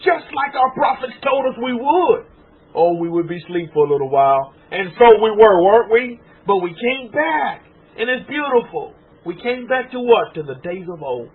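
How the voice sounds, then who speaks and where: A man from Texas preaching an emotional sermon as a rabbi, tearful and fervent, swinging from loud exclaiming to hushed murmuring. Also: high voice, very animated, normal speed, breathy edge. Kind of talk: emotional sermon to an online congregation. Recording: tinny phone-like audio.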